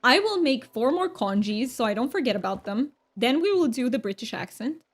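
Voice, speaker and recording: A woman's voice: on the high side, sing-song, fairly quick, slightly rough. A woman from Romania streaming a game, chatting with her viewers in a bubbly, giggly way. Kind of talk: casual live-stream chat.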